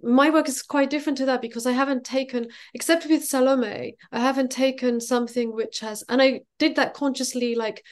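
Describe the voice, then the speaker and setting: A woman artist answering interview questions thoughtfully, pausing and searching for her words. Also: sits high, steady tone. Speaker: guest artist.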